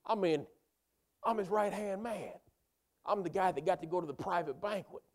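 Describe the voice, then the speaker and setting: A man's voice: high-pitched, moderate pace, a little mellow, voice pushed up, lightly acted. A man voicing a vain, scheming royal minister who talks in self-important slang.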